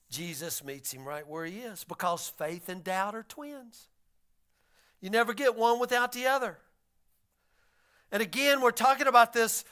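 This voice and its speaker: A man preaching a sermon, telling stories in a folksy, animated way. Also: sits high, smooth. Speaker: pastor.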